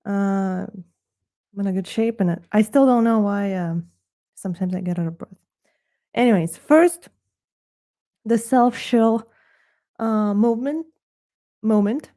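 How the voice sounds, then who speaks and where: A woman's voice: medium pitch, slow, long pauses, mellow. A woman hosting a casual live art stream, chatty and joking with rambling asides, a little out of breath. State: a bit out of breath. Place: Texas.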